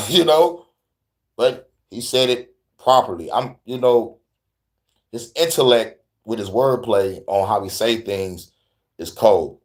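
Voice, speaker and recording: A man's voice: lowish voice, takes it slowly. A young man hosting an online talk show, reacting in casual, profane slang and laughing often. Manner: animated, laughing, swearing, slangy. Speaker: host.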